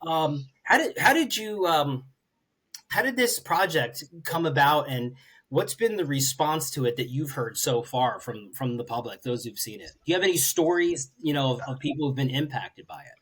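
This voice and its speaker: A man's voice: fairly high pitch, lively intonation, moderate pace, fairly bright tone, breathy edge. A man co-hosting a podcast, asking a long, loose question with many fillers. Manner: rambling, filler-heavy questioning. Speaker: podcast co-host. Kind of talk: casual interview question.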